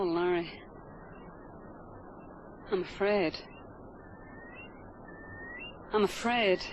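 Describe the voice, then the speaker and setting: A woman's voice: lowish voice, noisy background. An actress playing a fiery, devoted young working-class woman with a Lancashire accent in a stage-style radio drama. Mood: fearful. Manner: earnest, emotional.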